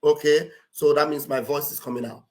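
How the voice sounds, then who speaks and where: A woman hosting a live stream, mocking her subject with sarcastic shouting and mock wailing. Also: sits low, steady tone, fairly quick. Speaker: online show host. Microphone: live-stream setup.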